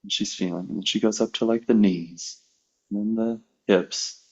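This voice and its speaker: A man's voice: lowish voice, fairly even intonation, moderate pace, slightly rough, highs cut off. A man telling a personal story in casual conversation, acting out quoted dialogue as he goes. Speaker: podcast guest, massage therapist.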